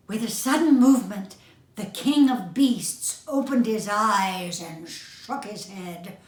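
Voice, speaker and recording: An older woman reading a children's story aloud in a gentle, expressive way. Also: mid-range voice, takes it slowly. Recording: echoey room.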